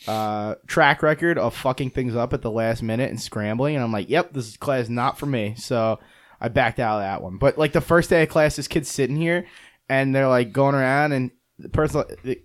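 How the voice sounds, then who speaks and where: Young man, podcast co-host, rambling storyteller, swears a lot, interrupts, medium pitch. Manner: rambling, profane, talks over others. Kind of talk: casual chat, storytelling.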